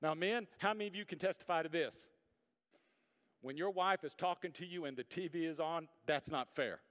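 A man preaching a sermon as pastor, swinging between hushed, quiet passages and loud, emphatic ones, with folksy jokes to the congregation. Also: a little high, moderate pace. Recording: reverberant hall.

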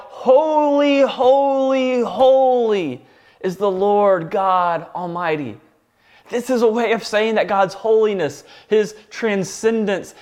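A man preaching a sermon, earnest and explaining with everyday examples and light teasing asides. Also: high voice. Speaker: pastor.

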